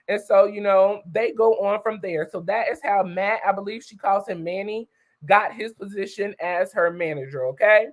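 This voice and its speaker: A woman's voice: medium pitch, normal speed, rough recording. Chatty woman retelling a story live. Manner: chatty retelling, tags lines with "okay?" and "you know"; greets viewers by name while talking. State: voice not yet warmed up. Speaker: livestream host. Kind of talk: casual livestream storytelling.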